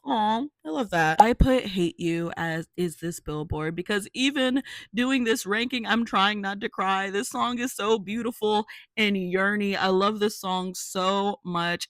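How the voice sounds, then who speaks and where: A young music vlogger talks through a tier-list ranking at home, emphatic and gushing with theatrical apologies. The sound is dry and close, with little room in it, and the voice sits at a middle pitch. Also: no room sound. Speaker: music reviewer.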